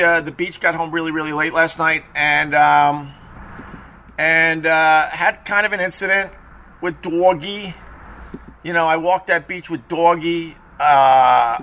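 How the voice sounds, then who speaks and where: Chatty, bright-voiced man telling a story. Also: on the high side. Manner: chatty, profane, acts out quotes in raised voices. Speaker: podcast host. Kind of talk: casual storytelling monologue.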